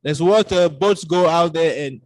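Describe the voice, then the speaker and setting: High-voiced Cameroonian man telling a dramatic story. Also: a little slow, dry recording. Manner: dramatic storyteller, acts out his own past dialogue. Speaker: podcast guest. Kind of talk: storytelling in casual conversation.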